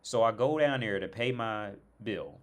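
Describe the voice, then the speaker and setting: A young man from the States rants casually about his troubles, swearing freely and tripping over his own words. His voice sits fairly low, and he sounds fed up and sarcastic as he talks. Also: lively intonation, moderate pace. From United States. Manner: profane, exasperated storytelling with many restarts. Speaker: streamer. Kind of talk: casual rant.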